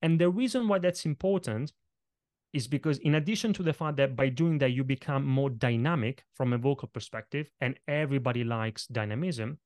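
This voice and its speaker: A man who is not a native English speaker, a presentation coach guesting on a podcast, talking with lively, shifting emphasis. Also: medium pitch, a little fast, no echo. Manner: energetic, varied emphasis, punches and stretches words. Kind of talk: podcast interview, explaining tips.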